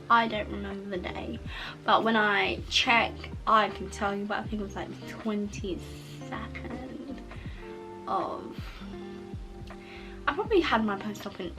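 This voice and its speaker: A woman vlogger with a fairly high voice tells a personal testimony in a casual, storytelling way, animatedly acting out how she reacted in the past. A mouth cover plate alters her speech, and the recording quality is low.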